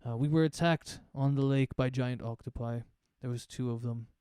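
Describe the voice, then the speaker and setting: Dude doing a polite soldier guy reporting to his lord, smooth voice, dry sound. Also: mid-range voice, steady tone, normal speed, dark tone, no room sound, lightly acted. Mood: formal. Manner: formal, deferential. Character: dutiful male soldier of the Empire. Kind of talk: tabletop role-play voicing.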